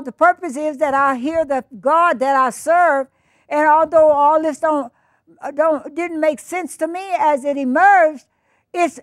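A woman with a high voice preaches in a loose, conversational way, drifting into asides and acting out what people say. The sound is dry and close, with no room echo. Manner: conversational, acts out quoted voices, rambling asides. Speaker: Bible teacher. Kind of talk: informal sermon.

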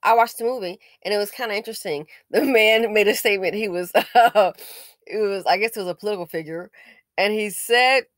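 A woman's voice: mid-range voice, a little fast, no echo, clean studio sound. A woman giving casual news commentary, indignant and scolding, with sarcastic exclamations.

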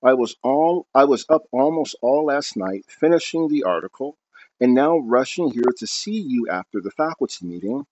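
A tired, soft-spoken father who speaks in careful, formal sentences, put on by a male reader. His voice sits lower than the storytelling voice and moves in lively contours. The recording sounds dull and lo-fi. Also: normal speed, natural voice. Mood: exhausted. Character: tired, gentle middle-aged father, a professor.

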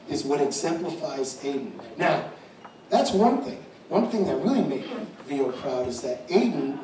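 A man's voice: a little high, darkish tone. Rambling man speaking in an echoey hall. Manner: rambling, with frequent restarts and repeated words. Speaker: father giving a tribute speech. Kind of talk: public speech at an event. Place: large echoey room with an audience. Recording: echoey hall audio from a distant mic with background noise.

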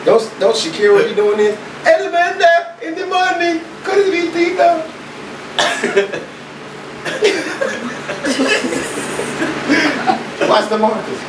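A man's voice: very high-pitched, animated, drawn-out words, pauses often, background noise. A man who raps and sings, joking around in slangy, rhyming banter on a music video set. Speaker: rapper and singer. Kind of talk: playful behind-the-scenes banter. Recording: roomy sound from a distant camera mic with music.

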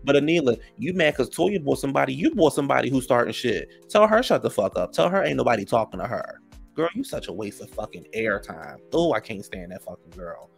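A man's voice: big pitch swings, brisk, creaky, husky, soft background music. A man casually recapping a reality TV episode in a sassy, profane, gossipy way. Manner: acts out quotes in higher voices.

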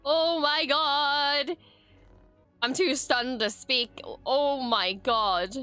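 A woman hosting a reaction video, gasping, laughing and swearing in excitement as she gushes over what she watches. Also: high voice, very slow, dry recording, faint music behind. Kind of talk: excited live reaction commentary. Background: faint show soundtrack.

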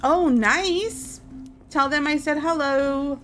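A woman with a high voice speaks slowly as she live-streams a game and chats casually with viewers, soft music playing in the background. She is apologetic and startles easily.

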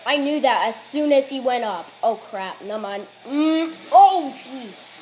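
Excitable high-voiced woman commentating gameplay. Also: a little slow, a little hiss or hum. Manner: excitable, exclaiming and trash-talking the game. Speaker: gaming commentator.

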